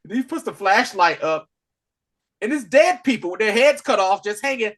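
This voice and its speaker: A man co-hosting a podcast, casually recapping a TV episode in animated storytelling, acting out the characters' lines. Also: sits high, moderate pace. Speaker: podcast co-host. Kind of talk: casual spoiler review chat.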